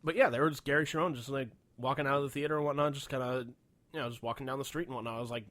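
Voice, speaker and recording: A man's voice: medium pitch, steady tone, rapid-fire, a bit bright, no echo. A man co-hosting a podcast, telling long rambling stories in casual chat, swearing freely and filling gaps with "like" and "whatnot". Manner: rambling storyteller, swears a lot, many fillers. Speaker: podcast co-host.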